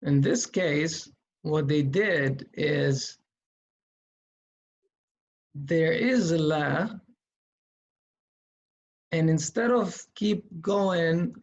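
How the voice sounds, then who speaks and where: Slow, gravelly male teacher. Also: fairly high pitch, dull audio. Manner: patient, thinks aloud while writing. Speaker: Quran reading teacher. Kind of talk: slow step-by-step tutorial.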